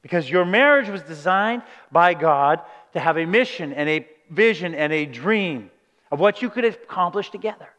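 Male pastor, high voice, animated sermon delivery, long hall reverb. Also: moderate pace. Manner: animated, acts out quoted voices, asks "right?" often.

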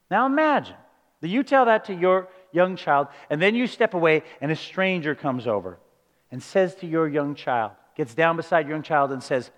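A man delivering a sermon with an earnest, emphatic preaching manner, leaning on rhetorical questions. His voice sits high for a man. The sound carries a long hall reverb around it. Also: animated, normal speed. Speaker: pastor.

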